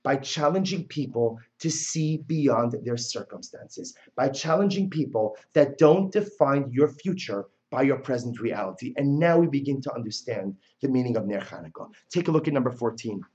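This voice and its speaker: A male religious teacher giving a passionate lecture on religious texts, telling the story dramatically and moving between loud and soft. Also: medium pitch, animated, normal speed, hardly any pauses, highs cut off.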